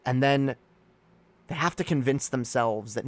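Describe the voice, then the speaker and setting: A man hosting a casual livestream, talking in a rambling, halting way with many restarts and reading viewer comments aloud to react to them. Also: medium pitch, no echo. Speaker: streamer host.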